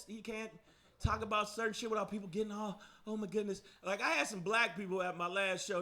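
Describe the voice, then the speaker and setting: Brash high-voiced male stand-up comic. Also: pushed and bright. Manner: brash, profane, riffing with the crowd. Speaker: stand-up comedian. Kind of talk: stand-up comedy set. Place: comedy club before a live audience. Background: audience laughter.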